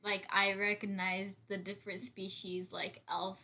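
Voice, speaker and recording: A woman's voice: medium pitch, little pitch movement, measured pace, sharp tone. A woman chatting casually about an anime episode, goofy and jokey, giggling and saying "like" often. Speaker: podcast co-host. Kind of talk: casual anime recap chat.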